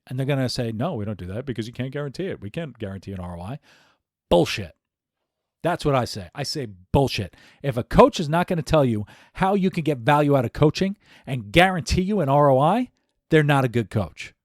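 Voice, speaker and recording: A man's voice: a little high, a little mellow, no echo, studio quality. A man hosting his own podcast as an executive coach, talking in a blunt, emphatic, conversational way. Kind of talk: solo podcast monologue.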